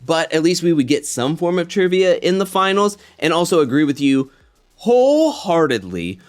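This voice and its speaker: A man hosting a casual commentary show, talking in an animated way and getting worked up as he rants. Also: a little high, fairly quick. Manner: animated, gets worked up and ranty. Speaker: reality TV commentary host.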